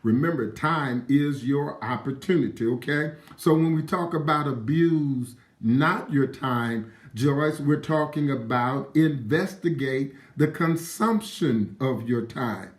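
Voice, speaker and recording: A man speaks at a middle pitch with an emphatic, preacher-like cadence, hammering home each point as he talks to his live-stream viewers and greets them by name. His voice carries the ring of an echoey room. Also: slow, hardly any pauses. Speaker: motivational live-stream host. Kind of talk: live-streamed motivational talk.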